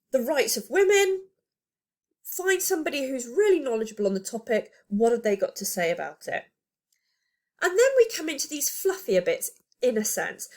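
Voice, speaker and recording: A woman teacher giving a recorded lesson to pupils, explaining with emphatic, animated delivery and rhetorical questions. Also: sits high.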